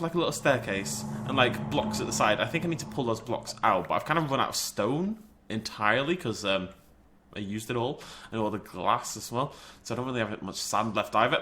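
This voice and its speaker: A young man with a cold, hosting a casual game commentary, chatty and self-mocking, jumping to high yelps when startled. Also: pushed and bright, a little hiss or hum. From United Kingdom. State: has a cold. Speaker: gaming channel host. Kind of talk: casual Minecraft let's play commentary.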